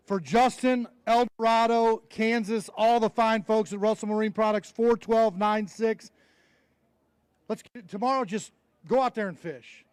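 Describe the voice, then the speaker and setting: A man's voice: high voice, no room sound. A man emceeing a fishing tournament weigh-in, bantering and joking with each angler as he reads out the weights. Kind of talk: live tournament announcing. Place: outdoor weigh-in stage.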